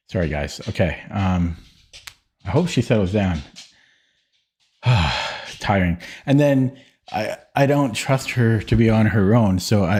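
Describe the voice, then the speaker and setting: A man with a somewhat low, husky voice works through chess puzzles out loud at his desk at home. He speaks very slowly and calmly, stopping to weigh each move. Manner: calm, slow, musing, talks himself through moves. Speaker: chess streamer. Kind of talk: thinking aloud while solving chess puzzles.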